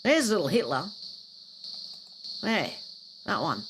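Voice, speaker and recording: A woman's voice: lowish voice, very animated, slow pace. A woman hosting a casual live stream, reading out comments and cutting in with blunt, scornful remarks. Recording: clear background noise with crickets.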